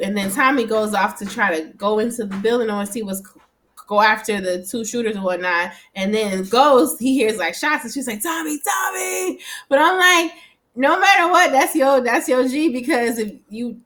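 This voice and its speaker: A woman casually recapping a TV episode at home, chatty and animated, often laughing and swearing as she quotes the characters. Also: medium pitch. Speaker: TV recap vlogger. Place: home room.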